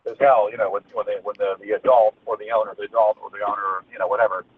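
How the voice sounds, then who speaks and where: During a heated phone conversation, a man rants angrily, swearing heavily and restarting his sentences with stammers. His lowish voice is steady and fast, and the tinny phone line carries faint noise.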